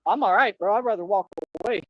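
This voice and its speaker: A man's voice: high-pitched, quick pace, lo-fi sound, slight background noise. A man in a replayed clip, talking defiantly in street slang and calling people bro. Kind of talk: clip played on a livestream.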